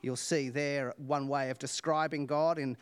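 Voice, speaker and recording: A man preaching a sermon, telling a joke with lively rhetorical questions and laughing at his own lines. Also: a little high, measured pace, clean tone.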